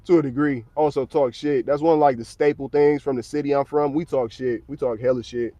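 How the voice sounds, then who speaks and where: A man's voice: medium pitch, steady tone, a little fast, warm tone, dry recording. Blunt, profane American man streaming. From United States. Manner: blunt, profane, slang-heavy. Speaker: livestreamer. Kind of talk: casual livestream chat. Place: parked car at work.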